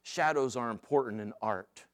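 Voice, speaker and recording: A man preaching a sermon, telling stories in a relaxed way and dropping to soft, deliberate emphasis. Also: mid-range voice. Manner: relaxed storytelling that drops to soft, slow emphasis. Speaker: pastor. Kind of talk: sermon with personal anecdote.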